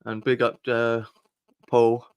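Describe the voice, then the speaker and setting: A man's voice: medium pitch, monotone, slow pace, dull audio. Laid-back man hosting a call-in show. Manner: laid-back, laughs along, calls people "mate". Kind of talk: casual chat with callers.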